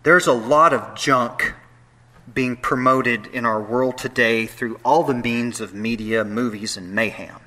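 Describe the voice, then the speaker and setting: A man preaching a sermon, moving between hushed, quiet lines and loud, animated bursts, with playful asides to the congregation. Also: medium pitch, measured pace. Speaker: pastor.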